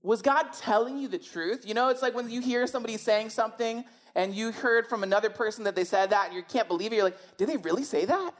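A woman's voice: on the high side, fast, hardly any pauses. A woman preaching a sermon in a conversational, emphatic way, often asking rhetorical questions.

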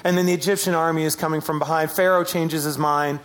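A man preaching a sermon, telling stories with animated, self-deprecating humor. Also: fairly high pitch, fast talker. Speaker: pastor.

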